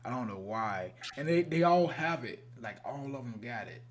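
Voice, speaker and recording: A man's voice: mid-range voice, lively intonation, moderate pace, slight background noise. A young man co-hosting a livestream, telling stories in a rambling, laid-back way full of slang. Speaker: co-host of a true crime livestream. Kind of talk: casual livestream chat.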